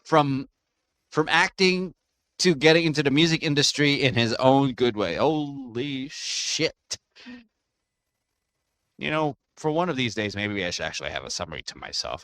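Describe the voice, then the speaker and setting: A man hosting a reaction channel, commenting in an excited way and often exclaiming and restarting his sentences. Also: mid-range voice, no echo.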